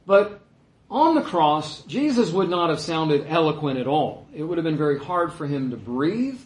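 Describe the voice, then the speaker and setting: A man preaching a sermon as a pastor, earnest and emphatic, pausing often with "uh". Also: fairly high pitch, big pitch swings. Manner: earnest, emphatic teaching with frequent "uh" pauses. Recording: echoey room.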